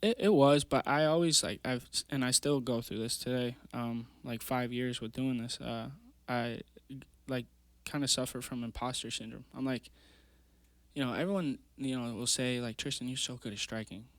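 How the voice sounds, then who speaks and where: A man's voice: mid-range voice, steady tone, moderate pace, no room sound. Earnest young man telling his story. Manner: rambling, filler-heavy, earnest. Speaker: guest, amateur MMA fighter. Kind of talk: casual storytelling interview. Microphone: podcast mic.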